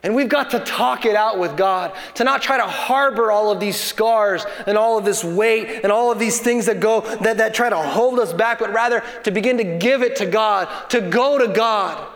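A man's voice: high voice, normal speed, hardly any pauses, fairly bright tone. A pastor in his thirties preaching a sermon, building to emphatic bursts and telling family stories. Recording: long hall reverb.

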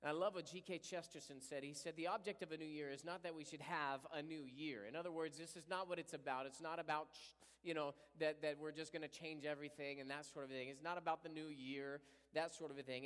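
A man's voice: a little high, fairly bright tone. A man pastoring a church, leading a fervent prayer and preaching a sermon with repeated invocations. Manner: rising to impassioned preaching. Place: church sanctuary. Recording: long hall reverb.

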